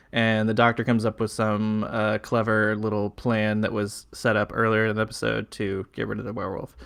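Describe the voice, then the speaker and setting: Casting: hombre, co-host de podcast, voz limpia y resonante, charla relajada con muletillas. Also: male voice, medium pitch, a bit bright, smooth. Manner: rambling, filler-heavy, chuckling recaps. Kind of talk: casual podcast chat.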